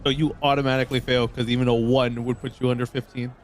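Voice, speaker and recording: A man playing a tabletop game, quickly talking through a rules move. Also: mid-range voice, level tone, slight background noise. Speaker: player.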